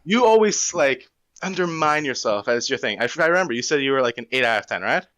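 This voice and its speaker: A teenage boy calling in to a casual stream chat, rambling enthusiastically in slang, with a high voice. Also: expressive, fast, fairly bright tone, dry recording. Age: teens. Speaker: caller.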